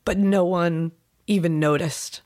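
Her voice is lowish, steady, and darkish in tone, and she speaks a little slowly. As a podcast co-host, she tells her partner about a crime case in a relaxed, storytelling way, leaning heavily on fillers.

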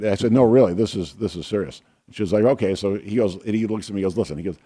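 A man co-hosting a talk show, chatting casually and telling a funny anecdote with deadpan humor. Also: on the low side, quick pace, few pauses, breathy edge. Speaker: podcast co-host, doctor. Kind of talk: casual chat, storytelling.

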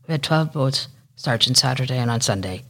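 A woman doing an Irish man, put-on Irish accent, solemn, low and measured, slightly lower than her own voice. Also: animated, heavily acted. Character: Irish man, a boat-tour chairman, grave.

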